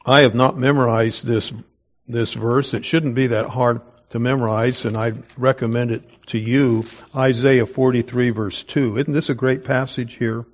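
A man's voice: mid-range voice, fairly even intonation, moderate pace. A man teaching a Bible passage verse by verse, reading scripture aloud and then explaining it in a conversational way. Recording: slightly dull, lo-fi recording.

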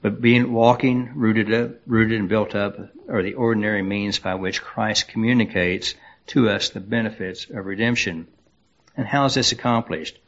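A low-voiced man preaching a sermon, taking his time and often stumbling over words with fillers and restarts. The recording sounds slightly dull and muffled. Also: steady tone. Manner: unhurried, halting with many fillers and restarts. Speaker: pastor.

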